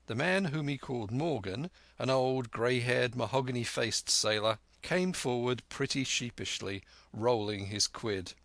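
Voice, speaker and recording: A man narrating a classic adventure novel as an audiobook in measured storytelling. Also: mid-range voice, fairly bright tone, dry recording. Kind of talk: scripted narration.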